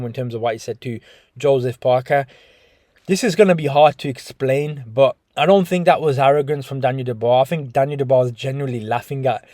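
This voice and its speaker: A man's voice: fairly high pitch, darkish tone, no room sound, clean studio sound. A young man giving a casual boxing breakdown, chatty and full of restarts, calling his viewers "guys". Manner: chatty, repeats "guys", frequent restarts and swearing. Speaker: boxing analyst.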